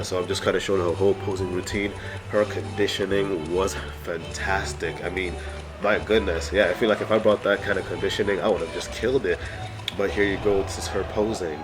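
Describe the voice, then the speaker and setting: Congested guy from canada with a cold, really low voice, rambling vlog voiceover w lots of "you know". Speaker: bodybuilder vlogger. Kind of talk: casual voice-over commentary.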